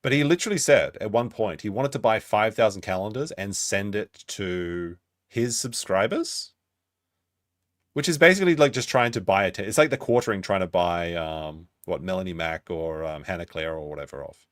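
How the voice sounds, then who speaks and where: A man riffs through reaction commentary in a sardonic, mocking tone. His low voice swings widely up and down. The sound is dry and close, with no room in it. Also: lively intonation, normal speed, no room sound. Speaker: commentary streamer.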